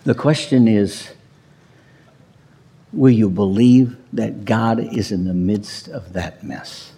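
A man preaching a sermon as pastor, emphatic, swinging from near-shouts down to low, quiet passages. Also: slow pace, slightly rough, long reverb tail.

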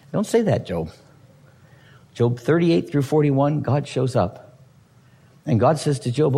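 Man, pastor, sermon, animated, husky, long hall reverb. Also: on the high side, normal speed, pauses often. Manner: animated, acts out voices of Bible figures with humor.

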